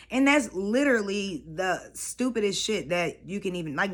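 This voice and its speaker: A woman's voice: medium pitch, normal speed, a bit bright. A woman giving casual, sassy commentary while she recaps a show, talking straight to her viewers in slang. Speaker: reality TV recap host.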